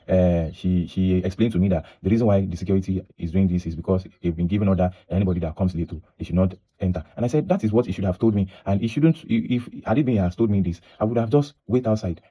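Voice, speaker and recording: Young Nigerian man, quick, mellow and low-pitched, rambling casual storyteller who restarts his sentences. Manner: rambling, restarts and repeats himself, mixes in Pidgin. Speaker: vlogger.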